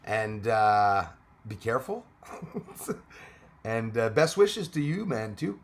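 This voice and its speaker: A man's voice: fairly low pitch, takes it slowly. A man hosting a casual livestream, greeting commenters by name, laughing often and chatting loosely. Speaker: livestream host. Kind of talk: casual live chat with viewers.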